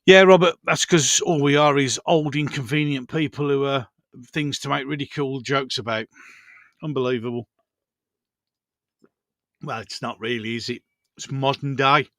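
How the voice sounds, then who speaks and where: A man's voice: medium pitch, steady tone, moderate pace, pauses often, fairly bright tone, no room sound, studio quality. A man in his fifties with a Brummie accent, hosting a frank, rambling casual chat with his viewers. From Birmingham, England. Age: 50s. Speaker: channel host. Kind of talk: casual live-stream chat.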